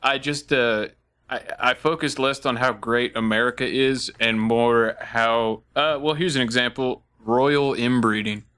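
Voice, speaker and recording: Slow, bright-voiced relaxed man. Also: mid-range voice, smooth. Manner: laid-back, laughs often. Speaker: podcast guest. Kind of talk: casual chat.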